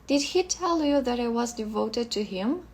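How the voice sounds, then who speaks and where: A woman reading aloud, voicing a calm, coldly composed foreign wife in a short story. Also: on the high side, normal speed, slightly rough. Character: cold, composed foreign woman, middle-aged.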